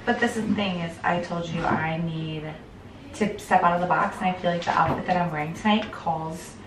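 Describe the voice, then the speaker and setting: A woman with a raspy voice chatting casually and upbeat while her hair is styled, often trailing off mid-sentence. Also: on the low side, steady tone, fairly quick, a crowd in the background. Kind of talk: casual chat. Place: indoors at a rental home. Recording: echoey room, distant mic, background noise.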